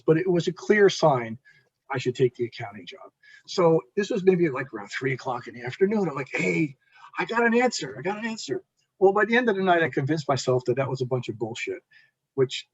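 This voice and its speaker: A man's voice: medium pitch, husky, dry recording. A middle-aged man, a guest on a talk show, casually telling a long personal story, acting out the people in it and often restarting sentences. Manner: animated storyteller, quotes people in his story, many restarts. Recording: dull lo-fi sound.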